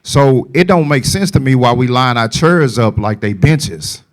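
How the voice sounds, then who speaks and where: A man's voice: medium pitch, expressive, a little slow, no echo. A man doing casual stand-up comedy and emceeing, telling stories and throwing rhetorical asides to the audience.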